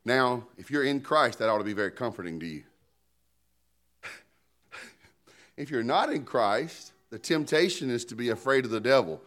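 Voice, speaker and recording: Male pastor, middle pitch, very animated swings. Playful, chatty preaching with call-and-response. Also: moderate pace, pauses often, soft background music. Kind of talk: sermon.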